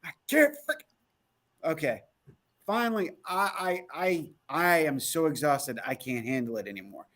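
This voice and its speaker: A man's voice: a little high, sing-song, a little slow, fairly bright tone. A man co-hosting an online talk show, telling a trip story in casual chat, acting out quotes and laughing often. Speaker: podcast co-host.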